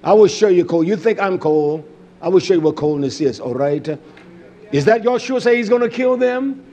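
A man preaching a fiery, confrontational sermon, scolding and cursing, swinging between loud outbursts and low muttering. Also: lively intonation, brisk.

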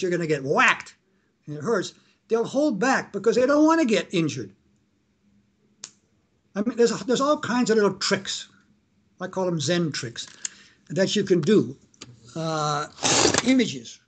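A Canadian family lawyer, a man whose voice sits high and a little rough, answers interview questions in a casual way. He keeps restarting his sentences haltingly and acts out examples by shouting them.

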